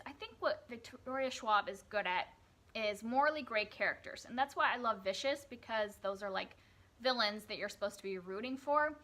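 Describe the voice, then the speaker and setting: Bright chatty young woman talking books, bit high voice, lots of likes and restarts. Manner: chatty, many fillers and self-corrections. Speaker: book reviewer. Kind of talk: casual book review vlog.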